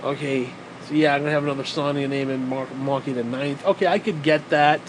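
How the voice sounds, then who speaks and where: A man's voice: medium pitch, fairly even intonation, brisk, background noise. Profane, sarcastic man ranting. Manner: profane, sarcastic, rambling rant. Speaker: vlogger. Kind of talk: rambling monologue.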